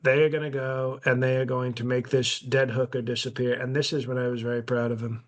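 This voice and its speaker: Brash old president, rambling and smug, delivered deadpan, played by a male comedian. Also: mid-range voice, brisk, natural voice. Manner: rambling, boastful, deadpan, with self-interruptions. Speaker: podcast host in character. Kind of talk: improvised comedy podcast.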